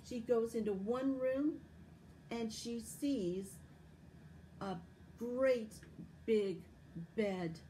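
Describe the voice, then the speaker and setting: Slow, warm-voiced woman storyteller. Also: on the high side, a little hiss or hum, rough recording. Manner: slow, expressive, sing-song storytelling. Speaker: children's library storyteller. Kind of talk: read-aloud story and tips for children.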